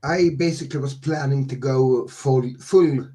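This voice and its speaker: A man playing a tabletop game, calmly explaining his moves in a relaxed, plain way. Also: medium pitch, unhurried. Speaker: player. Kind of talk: casual tabletop play.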